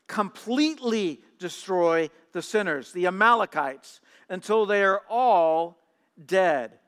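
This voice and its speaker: Reading and explaining scripture at a slow pace, a man preaching a sermon shifts from hushed, trailing phrases to loud, emphatic passages, now and then stammering over repeated words. His voice is high-pitched and animated, with a clean tone and a big-room sound.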